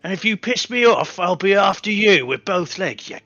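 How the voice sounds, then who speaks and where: A man voicing a gruff, foul-mouthed soldier with injured legs, brash and swearing at a general. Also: high voice, animated, slow pace, bright, forceful tone, no echo, exaggerated voice. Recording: dull lo-fi audio.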